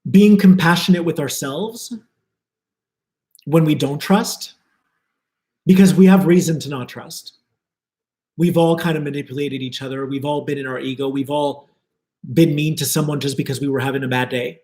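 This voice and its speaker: High-voiced man giving an earnest spiritual talk. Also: fairly even intonation, moderate pace, pauses often, a little mellow, reverberant. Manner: earnest, flowing, repeats for emphasis. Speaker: spiritual teacher. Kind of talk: live spiritual talk to viewers.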